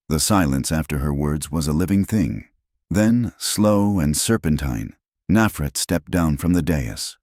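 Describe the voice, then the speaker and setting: A man narrating a dramatic storybook tale in a measured, dramatic way. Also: very deep voice, lively intonation, a little mellow, dry recording, studio quality.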